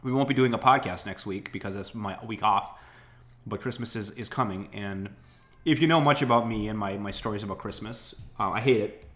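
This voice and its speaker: A man's voice: fairly low pitch, fairly quick, a bit bright. A man hosting a podcast, telling a rambling, wry, complaining story while getting over an illness. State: recovering from illness. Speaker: podcast host. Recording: roomy echo.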